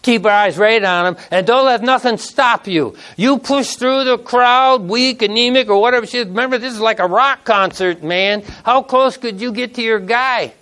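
A man's voice: very high-pitched, moderate pace, few pauses, pushed and bright, smooth. A man in his sixties preaching a casual, folksy sermon, telling stories and acting out quotes in everyday speech. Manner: folksy, conversational, acts out quotes. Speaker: pastor.

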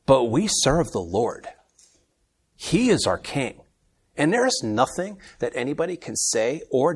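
A man leading a casual Bible study, reading scripture aloud with more force and then commenting in a low, easygoing aside. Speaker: Bible teacher.

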